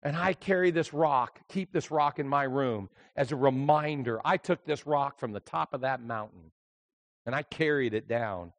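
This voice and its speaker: An older man, a pastor, preaching a sermon as a story, moving from hushed reflection to near-shouting. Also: mid-range voice, moderate pace.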